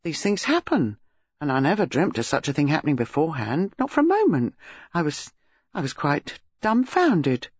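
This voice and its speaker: A flustered, self-pitying young woman pleads her case in a plaintive voice that keeps rising in pitch, as a woman reader puts her on. The voice has a husky edge, and the audio is dry and slightly lo-fi. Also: big pitch swings, normal speed, a little mellow, no room sound, full character voice.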